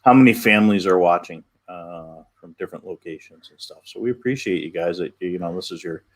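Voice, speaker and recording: Man, lower pitch, co-host, casual, halting, live stream. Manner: hesitant, lots of fillers. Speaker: co-host reading viewer questions.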